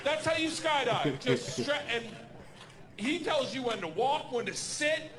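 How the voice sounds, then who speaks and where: A man tells a crude story on a comedy stage, loud and brash, in a high voice that swings up and down. A live club crowd is clearly heard behind him. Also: sing-song, unhurried, noisy background. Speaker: stand-up comedian. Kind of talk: stand-up storytelling.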